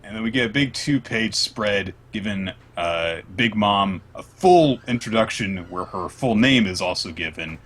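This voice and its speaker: A man hosting a podcast, chatting casually and recapping comics in an animated way with plenty of fillers. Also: lowish voice, unhurried, few pauses, slight background noise. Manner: animated, retelling scenes with lots of fillers. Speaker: podcast host. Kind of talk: casual manga recap chat.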